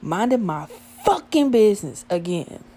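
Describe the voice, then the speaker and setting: A young adult woman telling a profane, animated story about a night out, acting out the dialogue as she goes. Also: mid-range voice, normal speed. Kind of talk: casual storytime monologue.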